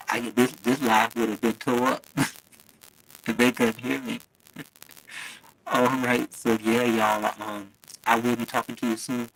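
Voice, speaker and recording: A man's voice: medium pitch, fairly bright tone, poor audio. A man hosting a casual live stream, chatty and affectionate, laughing often and talking straight to his viewers through a phone mic. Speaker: livestream host. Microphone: phone mic, held too close at first.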